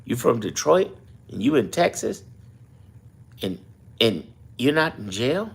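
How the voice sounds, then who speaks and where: A man hosts a casual live stream, talking straight to his viewers in the chat. His voice is gravelly, with a touch of fry. His pitch swings widely as he tells his stories. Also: slow, a little hiss or hum. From Chicago. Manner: animated storytelling, chatting with his live chat. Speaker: political livestream host.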